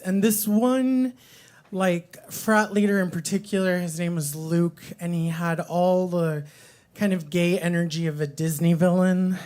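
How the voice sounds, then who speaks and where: A woman with a lowish voice works through a stand-up set at a coffee shop open mic. She talks crudely and rambles, padding her lines with "um" and "like". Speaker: stand-up comedian.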